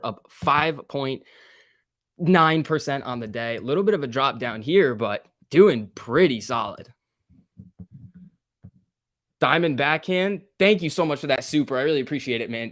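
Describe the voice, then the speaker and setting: A man's voice: medium pitch, fairly bright tone. Chatty young man hosting a livestream. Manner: chatty, reads out stock prices and viewer names. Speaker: livestream host. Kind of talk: casual live market commentary.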